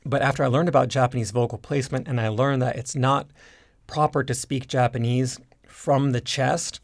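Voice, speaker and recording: A man's voice: mid-range voice, normal speed, creaky. A man who teaches a language online, explaining things casually to camera with many fillers and restarts, and a stuffed-up nose from hay fever. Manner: relaxed, rambling, frequent fillers and restarts.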